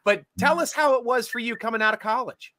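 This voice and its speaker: A man's voice: extremely high pitch, quick pace, a loud crowd. A man co-hosting an interview, asking follow-up questions with eager interjections. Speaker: co-host. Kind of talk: casual interview chat.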